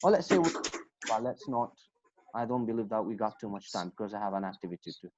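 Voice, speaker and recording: A woman with a low voice leads an online English class, speaking slowly and with a lively, rising and falling tone. She repeats words patiently and praises her students. The video call audio sounds dull and lo-fi. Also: noisy background. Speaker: English teacher.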